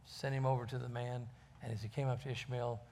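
A man's voice: mid-range voice, little pitch movement, fast, darkish tone, slight background noise. Folksy preacher man. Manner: folksy, storytelling, with fillers. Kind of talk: sermon with storytelling.

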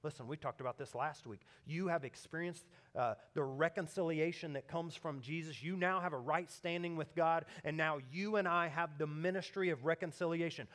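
A man preaching a sermon, animated in his stories and turning hushed and earnest when he appeals to his listeners. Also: fairly high pitch, normal speed, few pauses. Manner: animated storytelling, swings between loud emphatic peaks and hushed earnest appeals. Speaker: pastor.

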